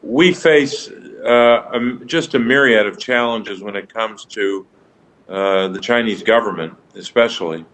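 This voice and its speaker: A man, a senator joining remotely, making formal, deliberate remarks to a nominee at a hearing. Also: lowish voice, fairly bright tone, low-quality recording. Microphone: remote video link.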